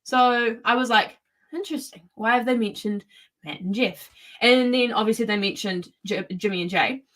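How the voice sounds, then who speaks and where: Woman, podcast co-host, casual chat, theorizing, slightly high voice. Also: normal speed, fairly bright tone. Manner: theorizing, sets scenes with quoted asides.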